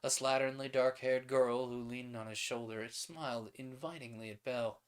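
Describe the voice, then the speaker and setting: Casting: male streamer, mid-pitched, steady story reader with offhand asides. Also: moderate pace, clean tone. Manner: reads steadily, then adds casual asides and paraphrases. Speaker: streamer reading old pulp stories aloud. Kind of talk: reading a story aloud on a stream.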